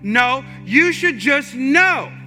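Guy doing a pouty little kid, high whiny voice, all drawn out and indignant. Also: lively intonation, drawn-out words, sharp tone, faint music behind, heavily acted. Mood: indignant whine. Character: sulking nine-year-old boy demanding ice cream.

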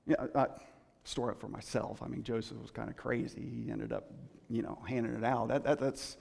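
Casting: a man playing a smug, boastful rich farmer, gravelly and mellow. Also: mid-range voice, level tone, fairly quick, big-room sound. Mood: self-centered. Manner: smug, talking to himself.

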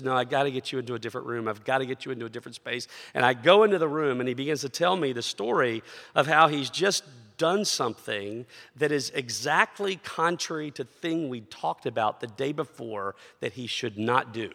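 A man's voice: medium pitch, vocal fry, fairly bright tone. A middle-aged man preaching a sermon as a pastor, telling a personal story in a conversational way and asking rhetorical questions. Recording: long reverb of a large hall.

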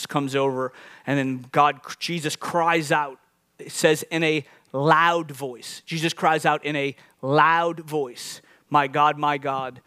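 A man's voice: medium pitch, fairly bright tone. A man, a lead pastor, preaching an earnest podcast sermon and repeating phrases as he builds to emphatic points.

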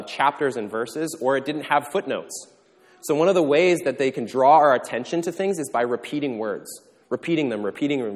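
Man preaching in a reverberant hall. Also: mid-range voice. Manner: conversational teaching with frequent restarts. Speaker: pastor. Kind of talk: sermon. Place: church sanctuary.

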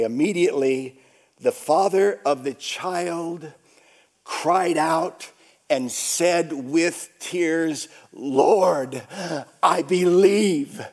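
A male pastor preaching a sermon, repeating phrases for emphasis and swinging between shouts and hushed whispers. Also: mid-range voice.

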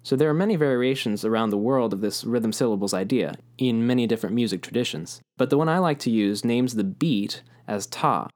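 A man's voice: mid-range voice, a little fast, few pauses, a little mellow. Patient male music teacher explaining rhythm. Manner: patient, clear, speaks rhythm syllables aloud.

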